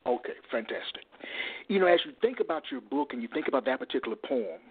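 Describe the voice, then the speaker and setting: A man hosting an interview, enthusiastic and quick to laugh. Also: on the high side, sing-song, vocal fry, husky. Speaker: radio show host. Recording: tinny phone-like line.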